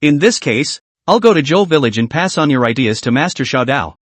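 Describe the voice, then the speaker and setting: A man's voice: mid-range voice, expressive, a little fast, no room sound, close to an everyday voice. A man reading the lines of an anxious male company boss in his own narrating voice, nervous and pleading. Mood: firm.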